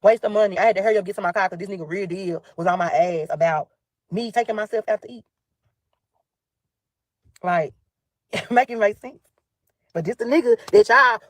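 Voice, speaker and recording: A woman's voice: medium pitch, normal speed, pauses often, dry recording. A woman with a Memphis accent telling a story about her ex in a heated, profane monologue, talking straight to her listeners. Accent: Southern US (Memphis). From Memphis, USA. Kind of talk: angry venting monologue.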